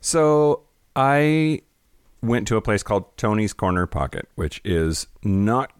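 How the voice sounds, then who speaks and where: A man co-hosting a casual podcast, an animated storyteller who keeps asking "right?". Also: lowish voice, takes it slowly, clear, resonant tone, dry recording, clean studio sound. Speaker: podcast co-host. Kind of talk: casual chat.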